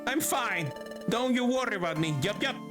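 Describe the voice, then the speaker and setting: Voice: mid-range voice, lively intonation, moderate pace, pitched above the performer's own voice, close to an everyday voice. A streamer voicing an earnest, gluttonous young male beaver creature from a video game, with a folksy drawl and lots of "golly" and "yup, yup", over game music.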